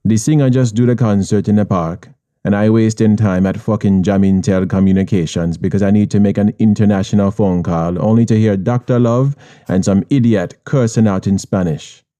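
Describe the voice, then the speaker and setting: A man's voice: on the low side, normal speed, mellow. A man with a Jamaican accent narrating an audiobook in first person, hard, streetwise and profane.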